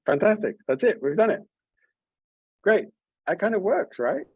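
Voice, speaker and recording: A man's voice: high-pitched, sing-song, normal speed, pauses often, slightly rough, no room sound, lo-fi sound. A man leading an online writing workshop over a video call, speaking in a friendly, encouraging way with frequent restarts. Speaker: workshop leader.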